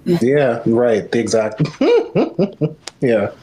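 Young male podcast co-host, pitch swinging up and down, relaxed and laughing, faint background hiss. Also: very slow. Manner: easygoing, laughs often, lively reactions. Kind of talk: casual chat.

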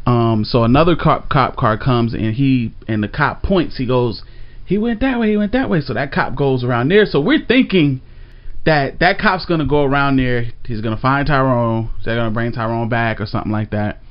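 A man's voice: medium pitch, moderate pace. Man telling a story casually, dull recording. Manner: loose, profane, filler-heavy storytelling.

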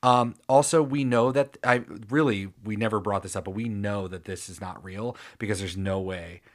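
A man with a somewhat low voice talks in loose, joking podcast banter. He rambles through episode notes with dry sarcasm and quick asides. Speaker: podcast co-host. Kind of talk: casual chat recapping a TV episode.

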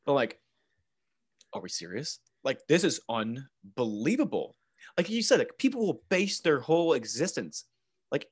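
A young man co-hosting a podcast over a video call, blunt and exasperated in casual chat, swearing now and then. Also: medium pitch. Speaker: podcast co-host. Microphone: remote video call.

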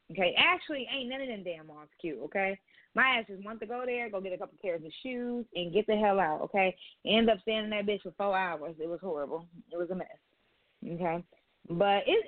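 A woman's voice: mid-range voice, dry recording. A woman co-hosting a podcast, telling stories in a blunt, profane, casual way. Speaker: podcast co-host. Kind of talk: casual chat. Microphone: phone call. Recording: tinny phone-line sound.

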